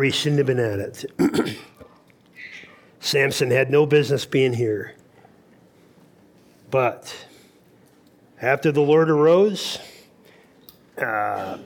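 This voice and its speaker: A man's voice: a little high, takes it slowly, pauses often. Man preaching a sermon, storytelling. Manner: storytelling, acts out dialogue in quotes. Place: camp meeting hall.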